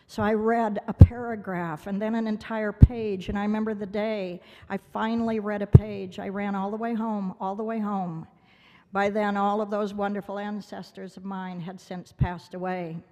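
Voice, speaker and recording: At a large gala banquet hall, a woman tells a personal story dramatically in a heartfelt award speech, acting out the voices of others. Her medium-pitched voice is mellow with little pitch movement at a moderate pace, and the dull audio carries a long hall reverb.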